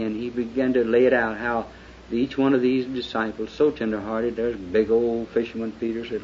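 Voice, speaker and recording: A man preaching a sermon in a folksy way, dropping to hushed confession and then rising to fervent shouting. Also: medium pitch, level tone, fairly quick. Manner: folksy, with lots of "you know". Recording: dull lo-fi recording with faint hiss.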